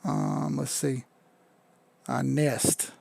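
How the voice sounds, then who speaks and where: A man's voice: fairly high pitch, little pitch movement, drawn-out words, vocal fry, darkish tone, husky. A man hosting a crypto live stream, talking casually and rambling while he charts, swearing now and then and reading out chat. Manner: laid-back, rambling, swears casually, reads chat aloud.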